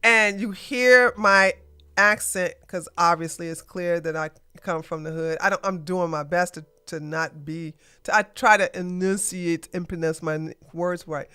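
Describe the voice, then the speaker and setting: A woman's voice: on the low side, fairly even intonation, measured pace, sharp tone, smooth. A woman hosting a casual political commentary livestream, blunt and ranting, with plenty of slang. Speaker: podcast host.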